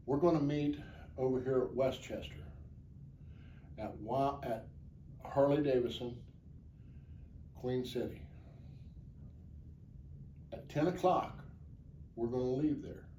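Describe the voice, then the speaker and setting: Answering interview questions about the charity motorcycle ride he organizes, this man speaks in a dark-toned, mid-range voice that comes across plainspoken, earnest and rambling. The mic is distant, leaving the recording echoey and off-mic over a faint background hum.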